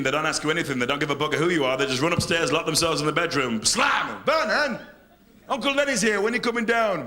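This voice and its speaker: A middle-aged English man performing a live stand-up routine, animated, swinging between loud bursts and low mutters. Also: noisy background. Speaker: stand-up comedian.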